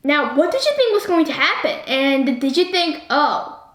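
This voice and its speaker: High-voiced woman asking questions in an echoey room. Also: moderate pace. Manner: keeps asking the viewer questions, animated. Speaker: movie reviewer. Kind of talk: chatty video review. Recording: roomy echo.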